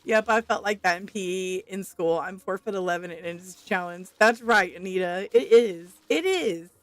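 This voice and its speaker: Girl streamer chatting w chat, laughs a ton, mid pitch, dry mic. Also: moderate pace, no echo. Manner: chatty, laughs often, reads chat aloud. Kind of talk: casual game stream chat.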